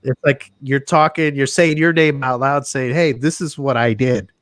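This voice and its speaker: A man's voice: medium pitch, fairly even intonation, moderate pace, no echo, clean studio sound. A man hosting a casual podcast chat, rambling, restarting his words and laughing often. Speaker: podcast host.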